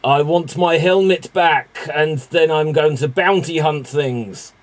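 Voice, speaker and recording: Man playing a blunt, gruff bounty hunter, slightly raised voice. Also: a little high, slow pace. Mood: demanding.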